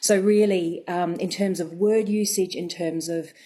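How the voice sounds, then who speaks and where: A woman accent coach, a radio interview guest, explaining thoughtfully with frequent pauses and ums. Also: fairly low pitch, fairly even intonation, warm tone, husky.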